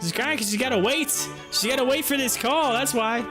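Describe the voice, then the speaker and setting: A man's voice: extremely high pitch, fairly quick, music in the background. A young man hosting a live stream from home, chatting casually, joking and laughing often while he waits. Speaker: livestream host.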